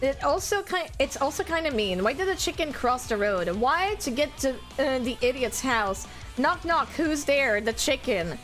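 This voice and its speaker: A high, bouncy woman's voice that swings all over her range as she chats through a live stream. She is a native French speaker, bubbly and excitable, and she greets viewers with squeals. Soft guitar music plays faintly underneath. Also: moderate pace. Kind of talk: casual live-stream chat, reading chat aloud.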